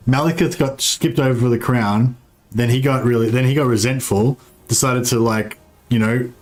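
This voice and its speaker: A man's voice: medium pitch, fairly even intonation, moderate pace. A man with an Australian accent chatting casually on a game livestream, rambling, swearing freely and often trailing off mid-thought. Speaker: game streamer. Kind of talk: casual livestream chat while playing.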